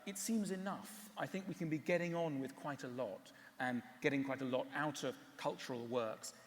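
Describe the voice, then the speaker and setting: A man giving a public talk and answering questions, wry and animated, often stopping on fillers. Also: mid-range voice, moderate pace, long reverb tail. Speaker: speaker. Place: large hall.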